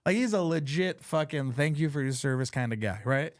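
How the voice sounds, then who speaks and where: A man's voice: on the high side, expressive, fairly quick, dry recording, studio quality. A man hosting a podcast, telling a story in casual chat, laughing often and swearing freely. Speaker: podcast host.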